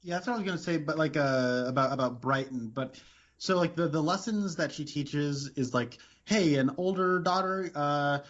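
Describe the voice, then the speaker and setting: A man co-hosting a podcast in casual chat, halting and often laughing as he talks. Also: fairly high pitch, a bit bright. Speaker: podcast co-host. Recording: dull lo-fi sound.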